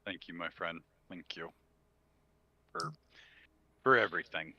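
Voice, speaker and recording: Slow, deep man in a dull, dry recording. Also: big pitch swings, creaky, pushed and bright. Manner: slow, hesitant with fillers. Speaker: player. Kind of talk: in-character tabletop role-play.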